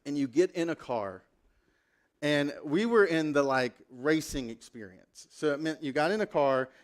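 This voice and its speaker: A man preaching a sermon, telling a personal story in a casual, animated way and acting out his own reactions. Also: high voice. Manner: animated, acts out his own panic with rising volume. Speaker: pastor. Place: church stage.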